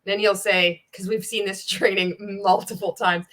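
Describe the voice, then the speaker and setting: A woman's voice: mid-range voice, fairly even intonation, moderate pace, a bit bright. A young woman hosting a reaction video, commenting sarcastically and with exasperation, swearing now and then. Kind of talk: casual commentary on a training video.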